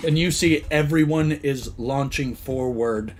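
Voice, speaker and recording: A man's voice: mid-range voice, a little slow, a little hiss or hum. A man narrating a tabletop game as dungeon master, describing scenes and asking players what they do.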